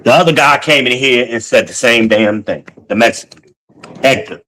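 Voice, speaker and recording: A man hosting a podcast, ranting in a casual, profane, animated way while walking around his home with a handheld phone. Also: mid-range voice, moderate pace, poor audio. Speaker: podcast host. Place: at home, moving between rooms.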